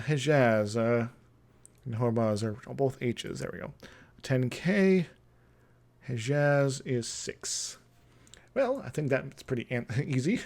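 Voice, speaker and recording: Gravelly young man musing over a game. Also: medium pitch, darkish tone. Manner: musing aloud, chuckling, humming to himself. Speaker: streamer playing a strategy game. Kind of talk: casual gameplay commentary.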